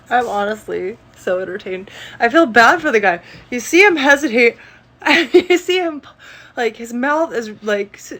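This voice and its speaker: Sex: woman. Role: body language analyst. Style: casual video commentary. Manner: amused, laughs often. Pitch: a little high. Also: expressive, a little slow, fairly bright tone.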